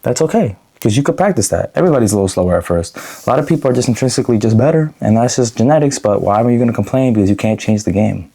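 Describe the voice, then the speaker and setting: A young man talks straight to camera in a raw, unedited video diary, at a middling pitch. He is blunt and swears freely. His pace keeps shifting as he rambles, and he often stops himself mid-sentence to start over. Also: lively intonation, rapid-fire, warm tone. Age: young adult. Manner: frequent restarts and self-corrections. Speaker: vlogger. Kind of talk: unedited vlog monologue.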